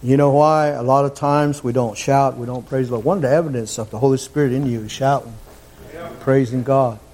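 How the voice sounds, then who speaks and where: A man preaching a fervent sermon, repeating his phrases and climbing toward near-shouts. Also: mid-range voice, steady tone, brisk.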